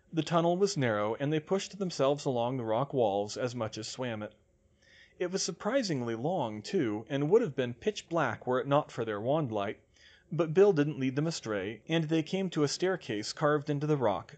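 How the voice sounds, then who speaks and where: A man narrates a fantasy audiobook in a mid-range voice. His delivery is even and steady, a plain storytelling read that keeps moving without much fuss. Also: mid-range voice. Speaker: audiobook reader. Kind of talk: audiobook narration of fan fiction.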